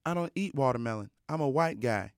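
A man's voice: medium pitch, expressive, fairly quick, dry recording, clean studio sound, voice pushed up, natural voice. A man voicing a folksy, offhand white male football coach in a retold anecdote. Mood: breezy.

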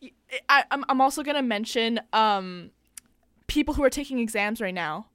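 A woman arts reporter chatting on a radio show, talking quickly in rambling bursts full of fillers and restarts. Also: on the high side, fairly bright tone, no echo, studio quality. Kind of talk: casual radio chat.

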